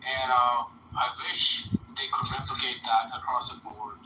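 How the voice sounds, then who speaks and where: A man's voice: medium pitch, flat delivery, a little slow, noisy background. A man with a German accent hosting a live chat room, rambling and teasing in casual talk. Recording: roomy, slightly muffled stream audio.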